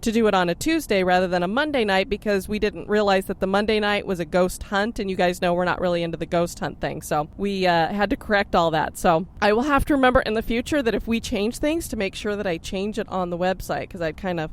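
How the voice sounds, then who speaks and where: Woman, podcast co-host, relaxed chatty storyteller, pokes fun at herself. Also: medium pitch, fast talker, hardly any pauses, smooth. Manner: chatty, self-deprecating storyteller. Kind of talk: casual chat.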